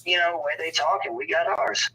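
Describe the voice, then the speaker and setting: A man's voice: fairly high pitch, steady tone, a little fast, over a noisy crowd. A man with a Southern US accent, co-hosting by phone in a casual chat, blunt and profane. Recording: distant tinny phone line.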